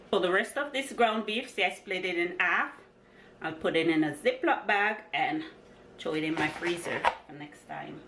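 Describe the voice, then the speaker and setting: In her echoey home kitchen, amid clattering pots and dishes, a woman vlogs a cooking demonstration. Her voice is low and measured, and she chats cheerfully and upbeat to viewers as she cooks, with background noise throughout.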